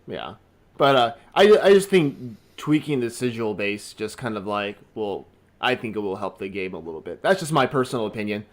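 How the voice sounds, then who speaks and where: A man's voice: on the low side, very animated, moderate pace. A man who streams games, chatting as a podcast guest, hesitant and trailing off mid-thought. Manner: hesitant, trails off, many fillers and restarts. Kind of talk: casual gaming podcast chat.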